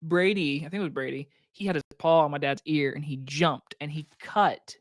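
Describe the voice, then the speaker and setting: A man's voice: a little high, moderate pace, no echo, clean studio sound. A young man co-hosting a casual podcast, teasing his friend and swearing often as he jokes. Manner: teasing, swears a lot, jokey. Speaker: podcast co-host.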